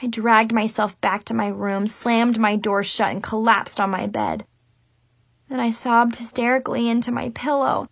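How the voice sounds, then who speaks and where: A woman reading a first-person children's story with a dramatic, expressive teen-girl manner. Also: on the high side, normal speed, vocal fry, no room sound. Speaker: audiobook narrator.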